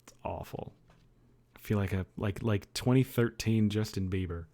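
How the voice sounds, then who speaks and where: Here a man talks loosely with his stream audience from his own dim bedroom, wandering off-topic, cracking jokes and cursing. He has a fairly low, dark voice and keeps a moderate pace.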